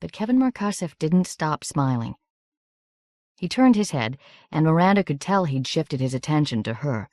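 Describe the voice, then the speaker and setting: Low-voiced woman reading an audiobook. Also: very animated, moderate pace, a little mellow, no echo, studio quality. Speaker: audiobook narrator. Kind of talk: scripted audiobook narration.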